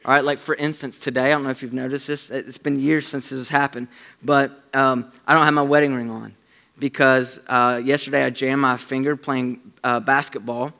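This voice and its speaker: A man preaching a sermon, telling a story in an animated way and dropping to a hush for emphasis. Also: medium pitch, normal speed, gravelly. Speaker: pastor.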